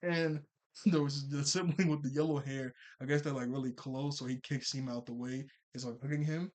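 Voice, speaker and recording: A man's voice: mid-range voice, fairly even intonation, a little mellow. A man casually recapping an anime episode, rambling and chuckling as he paraphrases the characters' lines. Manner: rambling, laughs often, quick paraphrased quotes. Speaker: anime reviewer.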